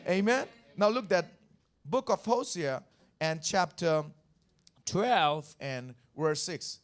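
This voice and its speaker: A pastor from India preaches a Sunday sermon at a church service in a high-sitting, expressive voice, taking his time. He is emphatic and repetitive, repeating phrases and putting questions to the congregation.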